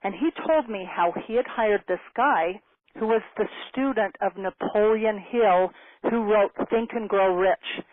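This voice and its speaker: Animated storytelling woman, tinny phone-like sound. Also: medium pitch, a little slow, no room sound. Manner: animated, acts out quoted dialogue. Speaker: motivational speaker. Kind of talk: personal storytelling talk.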